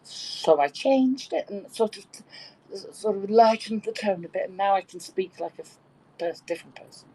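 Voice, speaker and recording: A woman's voice: mid-range voice, expressive, normal speed, darkish tone, breathy edge, no echo, rough recording. A woman in her sixties from Birkenhead with a London accent, telling bawdy stories and laughing often in a casual group chat. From Birkenhead, England. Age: 60s. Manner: bawdy, chatty storyteller who laughs often.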